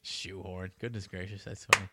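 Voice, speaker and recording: A young man hosting a casual podcast chat, talking fast and often stumbling over his restarts. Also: deep voice, little pitch movement, a crowd in the background. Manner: quick, chatty, stumbling restarts. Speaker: podcast host.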